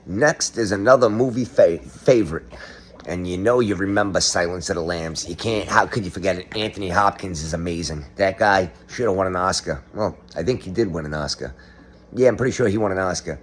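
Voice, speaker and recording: A man's voice: sits low, a little fast. A middle-aged man doing a comedic monologue, ranting sarcastically as if exposing a conspiracy. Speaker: comedic commentator.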